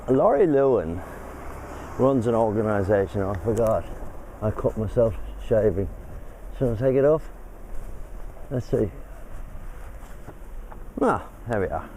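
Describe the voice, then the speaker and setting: A man's voice: fairly low pitch, expressive, a little slow, pauses often, warm tone, a little hiss or hum, poor audio. Breathless older man chatting while walking. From England. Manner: chatty, rambling, breaks off mid-thought. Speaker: vlog host. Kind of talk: casual walking vlog. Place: outdoors, walking through a village.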